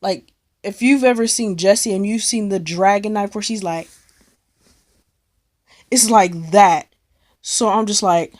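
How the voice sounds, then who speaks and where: A young woman from Cleveland, United States, tells a rambling story full of slang in a casual vlog, swearing freely. Her medium-pitched voice has a darkish tone, and she speaks unhurriedly with frequent pauses.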